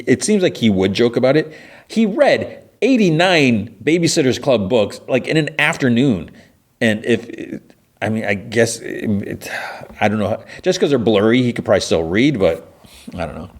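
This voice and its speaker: A man's voice: medium pitch, sing-song, normal speed. A man hosting a podcast, casually recapping an episode in a rambling way, full of "like" and restarts. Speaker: podcast host.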